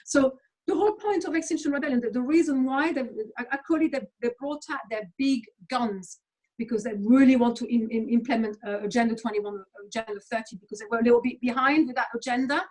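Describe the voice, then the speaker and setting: A woman's voice: a little high, quick pace, a little mellow, poor audio. A woman from England, speaking as an interview guest in a blunt, sweary, emphatic rant. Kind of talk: casual conversational rant.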